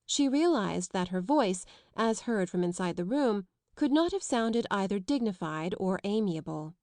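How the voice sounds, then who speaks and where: A woman narrating a classic children's novel in a measured storytelling voice. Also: medium pitch, lively intonation, a little mellow, no echo. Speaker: audiobook narrator. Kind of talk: scripted narration.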